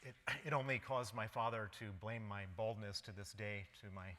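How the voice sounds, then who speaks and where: American man, 50s, low bright voice, wry lecture storyteller, hall reverb. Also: fairly even intonation, moderate pace. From United States. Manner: wry storytelling with frequent ums. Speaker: guest lecturer. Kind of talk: public lecture.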